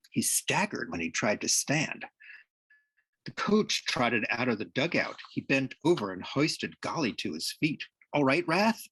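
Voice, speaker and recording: A man reading aloud from his novel at a public reading, expressive and dramatic. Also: on the low side, gravelly, slightly rough. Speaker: author reading his work. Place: reading series event.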